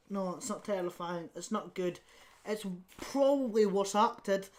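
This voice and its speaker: A woman's voice: medium pitch, expressive, a little slow. Blunt, laughing woman podcast co-host. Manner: blunt, scathing, laughing often; swears casually. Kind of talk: casual film review chat.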